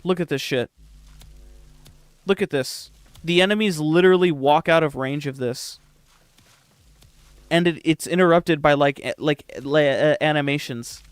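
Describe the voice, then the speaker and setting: A young man hosts a live game stream, answering chat in a loose, rambling way that is full of swearing and dry sarcasm. His voice sits a bit high for a man and comes through smooth and clear. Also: unhurried, pauses often, dry recording, faint music behind.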